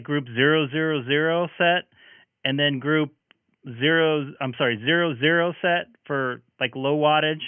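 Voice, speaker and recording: A man's voice: fairly high pitch, no room sound. Chatty man over a tinny radio. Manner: friendly, chatty, signs off with call sign. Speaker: ham radio operator and stream host. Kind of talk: casual radio chat.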